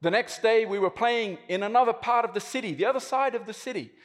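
A man's voice: high voice, quick pace, in a large hall. A man who works as a missionary, praying and then giving an earnest testimony with emphatic repetition.

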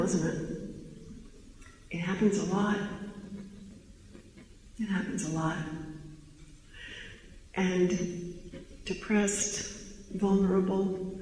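A man teaches a live audience in a large room. He is earnest and keeps asking the room questions. His voice sits high with a gravelly edge, and a long, echoey hall carries it with faint noise behind. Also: a little mellow.

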